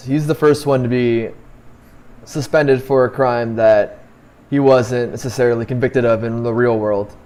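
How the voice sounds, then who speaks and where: A man's voice: mid-range voice, steady tone, measured pace, darkish tone. A man with a mid-range voice co-hosts a casual sports podcast. He talks in dry, joking banter. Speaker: podcast co-host.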